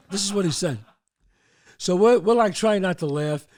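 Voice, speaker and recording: A man's voice: high voice, normal speed, pauses often. A man in his sixties from the Bronx with a New York accent, hosting a show and telling a story from his past, acting out the people in it. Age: 60s. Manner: animated storyteller, shouts out quoted voices. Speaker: show host. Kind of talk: storytelling monologue.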